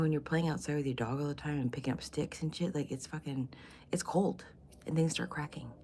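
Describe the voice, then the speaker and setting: A woman likely in her forties or older hosts a casual morning livestream as a vlogger, crude and giggly as she chats to viewers and often drops into whispers. Her voice sits low with a warm tone, and there's a little hiss or hum.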